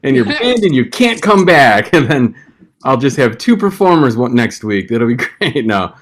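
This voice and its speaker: A man hosting a comedy show over a live stream from home, his voice bouncing up and down in pitch as he jokes and giggles. He introduces the next comedian in a loose, playful way. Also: sing-song, normal speed. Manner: giggly, joking, introduces acts. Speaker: host of online comedy show.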